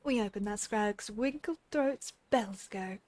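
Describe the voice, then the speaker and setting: A woman voicing a taunting, bloodthirsty pirate villain with a rough put-on pirate accent and drawled threats, reading game dialogue aloud. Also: mid-range voice, a little slow, a little mellow, lightly acted. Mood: menacing.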